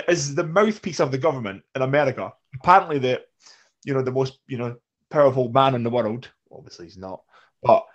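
A man with a mid-pitched voice talks animatedly and swears freely. He keeps breaking into mocking retellings during a casual podcast chat. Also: fairly quick.

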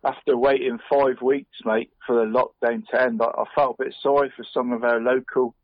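A man's voice: mid-range voice, little pitch movement, normal speed, dry recording. A middle-aged man from Cornwall, co-hosting a casual podcast chat and tucking "mate" into nearly every sentence. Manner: chatty, says "mate" constantly. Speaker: podcast co-host. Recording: dull dry podcast audio.

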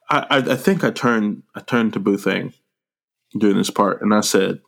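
A man on a podcast, casually recapping a movie with lots of swearing, jumping into quick voices for the characters. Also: on the low side, gravelly. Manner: animated, profane, acts out characters in quick voices. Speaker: podcast co-host.

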